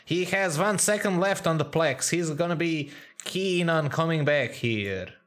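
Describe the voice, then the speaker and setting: A man's voice: fairly high pitch, unhurried, fairly bright tone. Joking, foul-mouthed male game streamer. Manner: crude, joking, chatty, reads chat aloud. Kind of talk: casual live-stream commentary. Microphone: headset mic close to the mouth.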